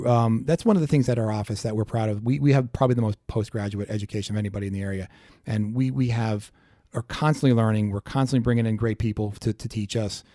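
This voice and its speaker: A man talks fast in a podcast studio, keen and full of restarts as he explains his work. His voice is mellow and dark. The sound is close and dry. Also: medium pitch, no echo. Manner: fast, animated storytelling with repeated restarts. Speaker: chiropractor guest. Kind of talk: casual podcast interview.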